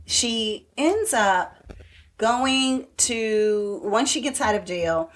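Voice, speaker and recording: A woman co-hosting a podcast, chatting casually and retelling a TV episode in an animated way with acted-out quotes. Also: on the high side, very slow. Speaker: podcast co-host. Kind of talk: casual chat recapping a TV show.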